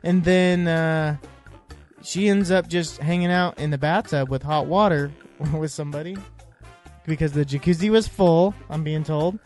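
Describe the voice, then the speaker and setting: A man chats casually in a fairly high voice, rambling and joking his way through a recap. He keeps restarting his sentences and filling gaps with "uh". Faint music plays underneath. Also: fairly even intonation, a little slow, darkish tone. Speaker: podcast host.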